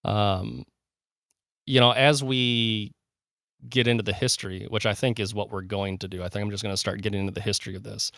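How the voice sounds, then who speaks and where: A man's voice: lowish voice, steady tone, fairly quick, vocal fry, fairly bright tone, dry recording, clean studio sound. A man co-hosting a casual podcast, talking eagerly and rambling, with many fillers and restarts. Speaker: podcast co-host.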